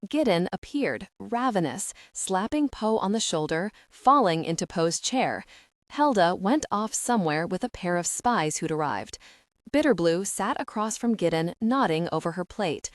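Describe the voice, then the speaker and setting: A woman narrating a fantasy audiobook in a calm, even storytelling manner, close to the mic. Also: on the low side, moderate pace, dry recording.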